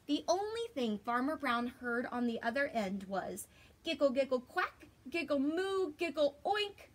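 A young adult woman teacher reading a picture book aloud to children, gentle and expressive with gasps and whispers. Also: high-pitched, a little slow, a little hiss or hum.

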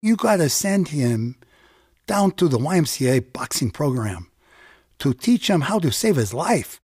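A man's voice: a little high, sing-song, measured pace, a little mellow, husky, no echo, studio quality, full character voice. A man voicing a kind, muscular Chicano mechanic, urgent and stammering, with a Spanish-tinged accent. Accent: Mexican American Spanish-tinged English.

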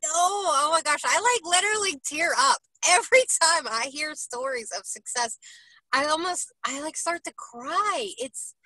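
A woman's voice: sits high, lively intonation, normal speed, pushed and bright, no room sound, low-quality recording. A woman hosting a casual interview, gushing and enthusiastic, often tagging her points with "right?". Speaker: interviewer and host.

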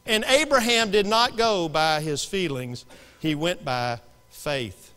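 Bright-voiced preacher with dramatic swings. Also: male voice, on the high side, lively intonation, takes it slowly, clean tone, long reverb tail. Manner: dramatic swings from hushed to shouting. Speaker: pastor. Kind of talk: sermon. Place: church sanctuary.

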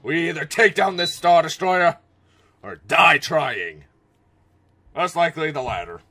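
A man talks through a strategy game he is playing, cursing and joking at himself. His voice sits high and moves a lot in pitch, with a bright edge. Faint music plays underneath. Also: measured pace. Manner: excitable, swearing, joking to himself. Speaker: gameplay commentator. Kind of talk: let's play commentary.

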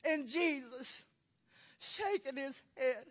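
A woman preaching a fervent testimony, crying and shouting her words, breaking into laughter between phrases. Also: very high-pitched, slow. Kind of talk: emotional sermon testimony. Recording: long hall reverb.

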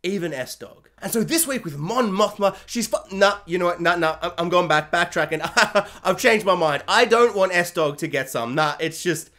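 A man with a high speaking voice talks through a show review in a loose, rambling way. He jokes, trails off and doubles back on himself mid-thought. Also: lively intonation, normal speed, hardly any pauses, a bit bright. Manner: rambling, jokey, self-correcting, puts on silly voices for characters. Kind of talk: casual spoken review.

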